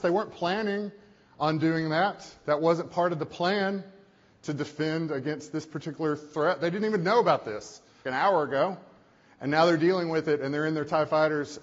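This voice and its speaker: A man who is a company CEO giving a keynote talk in a conference hall, with animated, conversational storytelling. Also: a little high. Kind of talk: keynote presentation. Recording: echoey hall, dull lo-fi sound.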